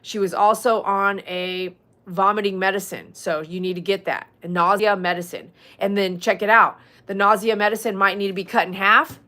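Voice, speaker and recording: On her livestream, a Texan dog groomer with a middle-pitched voice talks casually at normal speed, thanking viewers, reading their comments aloud and saying y'all. Animated and chatty, she flares into loud mock outbursts, then settles into soft, earnest, heartfelt asides.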